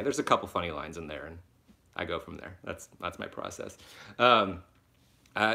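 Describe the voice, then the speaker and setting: A man hosts a live stream from home, reading out viewers' comments and answering them in a chatty, animated way, with quick asides and self-mocking laughs. His voice sits on the low side but has a bright, forward edge. He is a little under the weather, and he talks into a laptop mic. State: a little sick. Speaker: web series creator and host. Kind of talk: live Q&A stream, casual chat.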